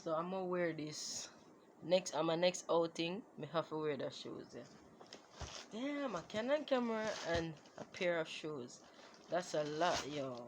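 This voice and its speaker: A woman, unboxing gifts in a casual vlog, excitable and exclaiming, recorded on a phone. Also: lowish voice, unhurried. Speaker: vlogger. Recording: phone recording with clear background noise.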